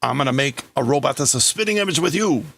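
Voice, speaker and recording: A man's voice: medium pitch, lively intonation, fast talker, gravelly, noisy background. Man translating manga aloud on a stream. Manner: thinking aloud, breaking up phrases, laughing at himself. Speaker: livestream host. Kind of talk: casual translating of manga on a livestream.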